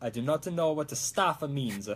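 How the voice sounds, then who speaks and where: Young adult man, high and animated, chatty prop-making streamer, playful. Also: normal speed, slight background noise. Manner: playful, chatty, slips into mock-Italian exclamations. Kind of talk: casual chat while crafting.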